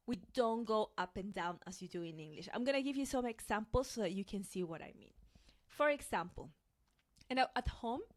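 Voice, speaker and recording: Patient woman teaching Spanish sounds. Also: fairly high pitch. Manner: patient, models sounds slowly and repeats them. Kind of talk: online pronunciation lesson.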